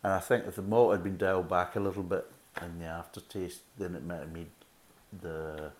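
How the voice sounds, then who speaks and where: Deep-voiced man reviewing beer. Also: flat delivery, a little fast. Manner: rambling, thoughtful, chatty with asides. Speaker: beer reviewer, podcast host. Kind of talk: casual tasting review and chat.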